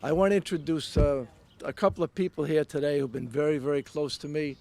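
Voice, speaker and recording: An older man giving a heartfelt, halting dedication speech outdoors, with many fillers. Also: a little high, fairly even intonation, vocal fry, a little mellow. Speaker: dedication speaker. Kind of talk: public speech. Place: outdoors at a pond.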